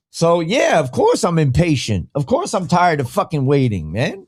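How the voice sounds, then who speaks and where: Brief: male podcast host, angry rambling rant, higher-pitched, very animated delivery, dry close sound. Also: no room sound. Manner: profane, heated, rambling; reads viewer comments. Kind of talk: casual live-stream rant.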